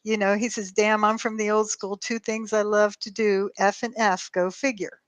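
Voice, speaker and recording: A woman's voice: medium pitch, little pitch movement, moderate pace, slight background noise. A woman telling a long story on a call show, acting out both sides of the dialogue and swearing freely. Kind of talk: casual storytelling chat.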